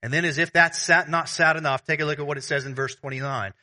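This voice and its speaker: A man preaching a sermon as pastor, conversational and animated, with everyday analogies. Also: fairly high pitch, fast talker.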